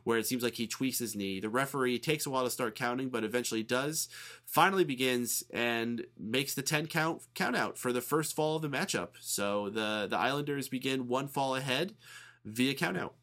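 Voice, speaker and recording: A man co-hosting a podcast, casually recapping a match with quick asides and the odd swear word. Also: medium pitch, a bit bright. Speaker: podcast co-host recapping wrestling.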